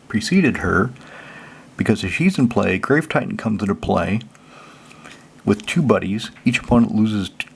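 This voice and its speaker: A man hosting his own channel, reading out card text and then explaining it in a relaxed, chatty way. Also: fairly low pitch, creaky, a little hiss or hum. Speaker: channel host. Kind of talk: casual card deck walkthrough.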